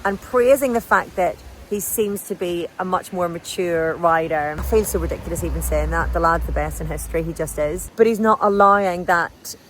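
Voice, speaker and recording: A woman's voice: lowish voice, normal speed, few pauses, noisy background. An Irish woman in her forties, a cycling broadcaster, talking candidly to viewers while out riding her bike and firing off questions at them. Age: 40s. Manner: chatty, candid, asks viewers lots of questions. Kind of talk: casual vlog while riding. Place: outdoors on a bike ride.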